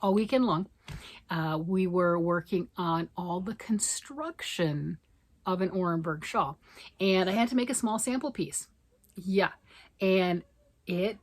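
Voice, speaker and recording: A woman's voice: mid-range voice, normal speed, a little mellow. A middle-aged American woman chatting enthusiastically to camera in a knitting vlog, with lots of fillers and restarts. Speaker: knitting vlogger. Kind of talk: casual chat to camera.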